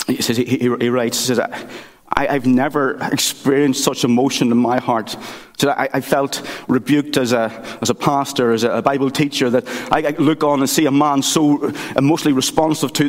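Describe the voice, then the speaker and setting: Earnest pastor preaching in a reverberant church. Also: male voice, medium pitch, fairly even intonation. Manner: earnest, halting storytelling with frequent restarts. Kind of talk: sermon. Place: church sanctuary.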